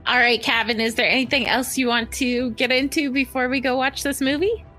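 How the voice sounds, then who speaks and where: A woman's voice: high voice, steady tone, fairly quick, bright, forceful tone, soft background music. A woman co-hosting a podcast, chatting casually in a dry, teasing way. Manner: dry, teasing, laughs often. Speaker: podcast co-host. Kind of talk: casual chat.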